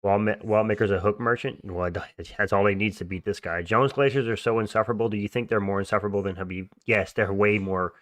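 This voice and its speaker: A young man hosts a casual livestream, answering viewer comments in offhand, slangy talk. His voice sits low. The sound is close and dry. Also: brisk, few pauses, a bit bright, no room sound. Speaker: livestream host.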